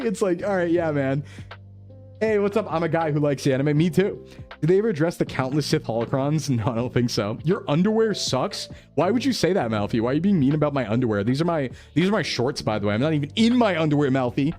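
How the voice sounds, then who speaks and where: A man's voice: on the high side, darkish tone. A male streamer chats casually with his live audience, rambling with enthusiasm and leaning on fillers and laughter. His voice sits a bit above the usual male range. Faint music plays underneath. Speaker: VTuber streamer. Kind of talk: casual live-stream chat, answering chat messages.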